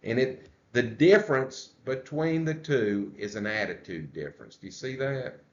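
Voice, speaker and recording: A male pastor leading a church Bible study, explaining the text slowly and putting questions to the group. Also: mid-range voice, expressive. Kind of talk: conversational Bible study teaching. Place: church room. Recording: echoey room, dull lo-fi sound.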